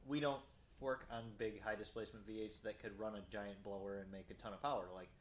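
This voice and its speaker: A man co-hosting a casual car podcast, chatty and quick to chime in with figures. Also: on the low side, steady tone, echoey room. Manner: chatty, quick to agree and add numbers. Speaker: podcast co-host. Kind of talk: casual shop-talk podcast.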